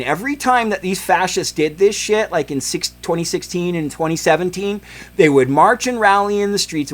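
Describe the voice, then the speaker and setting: A man in his forties hosting a podcast, ranting in heated, profane political commentary with many fillers. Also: a little high. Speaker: podcast host.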